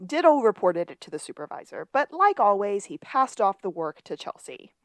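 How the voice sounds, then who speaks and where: A woman's voice: medium pitch, big pitch swings, moderate pace, no room sound. A woman co-hosting a podcast, narrating an episode recap in casual chat. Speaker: podcast co-host.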